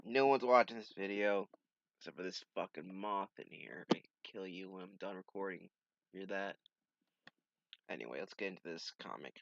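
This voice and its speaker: A man's voice: deep voice, moderate pace, creaky, no echo. A man hosting a casual comic read-along, crude and mocking in his asides, on a dull lo-fi recording. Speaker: comic reader, channel host.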